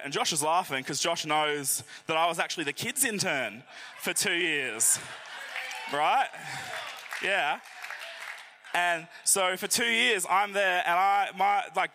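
A man's voice: high voice, bright, forceful tone. A young man giving a casual, joking talk at church and speaking straight to the congregation. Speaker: youth and worship team volunteer speaking at church. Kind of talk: sermon.

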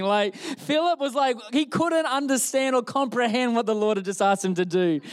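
A man preaching a sermon in church, an animated storyteller who jokes with the congregation. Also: very high-pitched, moderate pace.

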